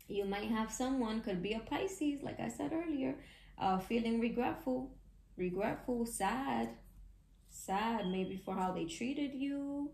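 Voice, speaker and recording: Excited chatty woman giving a tarot reading. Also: medium pitch, normal speed, echoey room. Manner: excited, chatty, slangy, laughs often. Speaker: tarot reader.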